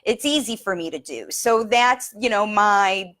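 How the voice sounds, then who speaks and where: A woman's voice: medium pitch, unhurried, fairly bright tone. Middle-aged woman rambling casually on a live video, lots of um and you know, sometimes a bit teary. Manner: chatty, many fillers and restarts; gets emotional, teary. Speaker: speech and language coach.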